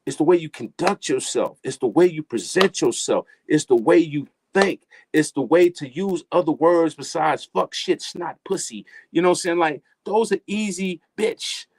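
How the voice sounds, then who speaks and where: A man's voice: a little high, normal speed, hardly any pauses, a little mellow. A middle-aged man talking casually as a guest, giving emphatic, preachy advice in street slang and repeating phrases for effect. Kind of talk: casual motivational talk.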